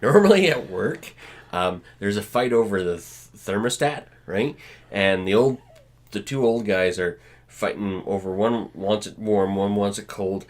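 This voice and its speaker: A man from Canada co-hosting a casual news chat, reading out stories in a relaxed, dry way with many fillers. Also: fairly low pitch, a little slow. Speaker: podcast co-host.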